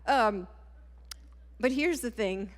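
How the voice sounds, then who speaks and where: Woman speaker, forties, animated storyteller with a higher voice, reverb of a big hall. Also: slow. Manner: lively storytelling, many "like" and "y'all". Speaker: conference speaker. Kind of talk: personal testimony sermon. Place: large church hall.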